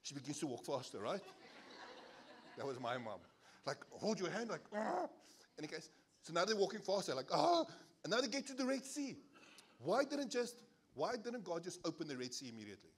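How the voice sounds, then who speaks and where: Animated South African male preacher. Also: on the high side, fairly quick, husky. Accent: South African English. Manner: animated storyteller acting out voices. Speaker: pastor. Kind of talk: sermon. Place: church service.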